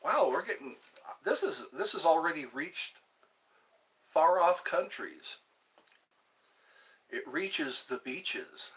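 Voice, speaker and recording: A man's voice: fairly high pitch, animated, takes it slowly, long pauses, pushed and bright. A man hosting a casual livestream, chatting playfully and reading out his viewers' comments. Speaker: livestream host. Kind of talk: casual live chat.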